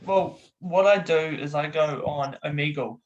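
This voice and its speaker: A man's voice: a little high, unhurried, muffled recording. A young man with a New Zealand accent, a comedian chatting easygoingly in an interview over a video call. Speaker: comedian and voice impersonator. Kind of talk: casual interview talk.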